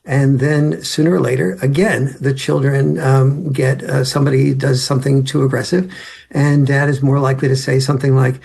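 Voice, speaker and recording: A man with a gravelly, husky voice rambles through a long answer, full of restarts and fillers. He often slips into the voices of family members as he tells his story. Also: medium pitch, little pitch movement, normal speed, darkish tone. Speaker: author and guest. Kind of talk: interview answer.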